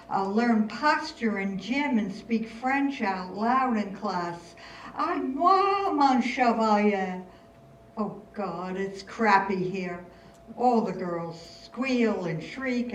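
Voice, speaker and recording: A woman's voice: medium pitch, a little hiss or hum. An older woman in a staged reading, playing a sardonic, rebellious rich girl writing letters. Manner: sardonic, theatrical. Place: stage in a hall. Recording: roomy, distant hall recording.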